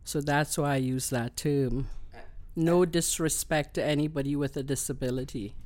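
A woman with a Trinidadian accent, a guest explaining her views in an earnest, measured way. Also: low-pitched, fairly even intonation, darkish tone, no room sound. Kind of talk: conversational interview.

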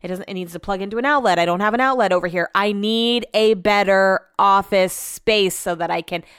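A woman's voice: mid-range voice, a little fast, a bit bright, clean tone, no echo, studio quality. A woman hosting her own podcast, chatting casually in a rambling, profane way, sore and tired. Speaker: podcast host and radio host. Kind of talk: casual solo podcast monologue.

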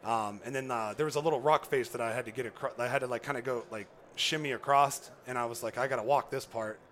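A man, a former pro football player, telling an animated hunting story, laughing and acting out what others said. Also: mid-range voice, fast talker, a little hiss or hum. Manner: excited, laughing, acts out quoted voices.

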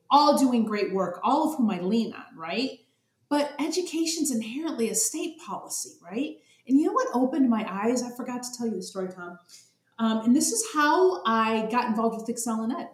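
A woman's voice: on the high side, reverberant. A woman talking about special education policy in an interview, earnest and emotional, often repeating words as she speaks. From Arizona. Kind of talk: interview conversation.

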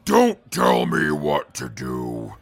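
A gravelly, pompous mutant reporter. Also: male voice, rumbling low, huge pitch swings, slow pace, exaggerated voice. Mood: haughty. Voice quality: gravelly, raspy. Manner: stiff formal speech, barked questions. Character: pompous mutant reporter, male, self-proclaimed genius. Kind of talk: audio drama acting.

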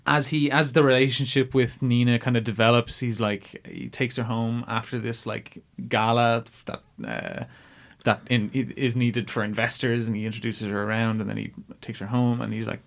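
A man's voice: medium pitch, little pitch movement, normal speed, gravelly. A man co-hosting a film podcast, in casual, rambling chat with many fillers and restarts. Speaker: podcast co-host.

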